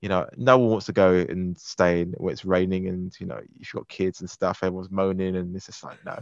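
A man's voice: sits low, flat delivery, a little fast, gravelly, no echo, dull audio. A man from London in casual chat, laughing easily and talking with many fillers. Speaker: guest.

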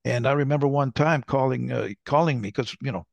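An older man co-hosting a podcast chats casually, telling rambling stories and often restarting sentences to correct himself. His medium-pitched voice is brisk with vocal fry. The recording has no echo and the highs are cut off.

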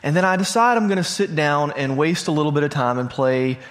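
A man in his late thirties gives a sermon in a relaxed, conversational tone. His voice sits a little high, and he often turns to the congregation with questions. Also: brisk. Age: 30s. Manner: conversational, asks the audience questions. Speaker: pastor. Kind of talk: sermon with personal story. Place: church hall before a congregation.

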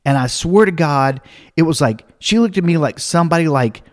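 A man telling a comic personal anecdote, animated, acting out the other people's voices and laughing as he goes. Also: on the high side, fairly quick. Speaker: storyteller.

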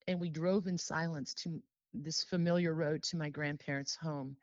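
A woman telling her personal story as an interview guest, earnest and heartfelt, emotional and near tears, slowing down on solemn phrases. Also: sits low, fairly even intonation, no echo, dull audio.

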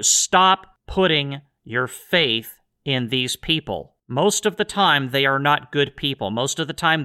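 A man's voice: a little high, pushed and bright. A man delivering a sarcastic political rant to his viewers, firing off rhetorical questions. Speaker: political commentator. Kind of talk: ranting monologue to viewers.

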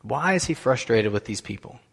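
A man's voice: medium pitch, expressive, moderate pace, creaky, slightly rough. Man preaching in a reverberant hall. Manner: conversational, asks the listeners questions. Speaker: pastor. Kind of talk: sermon.

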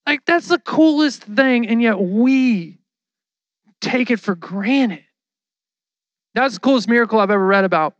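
A man giving a casual, lively sermon, telling the story with slang and acting out the people in it. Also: very high voice, a little slow, long pauses, no echo, lo-fi sound.

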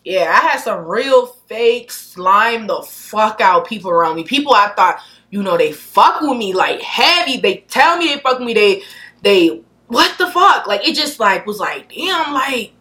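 Young woman solo podcaster, bright edge, swings from sharp outbursts to quiet mutters, very blunt. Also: mid-range voice, big pitch swings, a little slow. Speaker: podcast host. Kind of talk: unscripted solo podcast rant.

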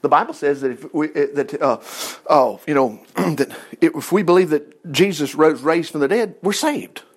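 A man's voice: fairly high pitch, moderate pace. A male preacher giving a conversational sermon to a congregation in a room, acting out the voices he quotes. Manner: animated, acts out quoted voices.

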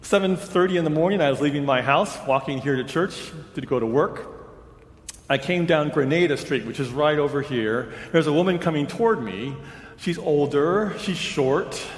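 A man's voice: on the high side, normal speed. Man preaching in an echoing church. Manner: conversational storyteller, voices others' lines in quotes. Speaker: pastor. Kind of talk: sermon storytelling. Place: church sanctuary. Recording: roomy church with long reverb.

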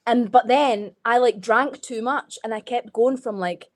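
A woman's voice: on the high side, moderate pace, few pauses. A Scottish woman, a podcast guest in casual chat, telling stories frankly with lots of swearing and "like". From Scotland.

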